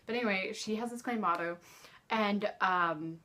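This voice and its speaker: Chatty woman vlogger, bright voice, rambling at home. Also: medium pitch, moderate pace. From Canada. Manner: chatty, rambling, full of fillers and laughs. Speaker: book vlogger. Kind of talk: casual book discussion to camera.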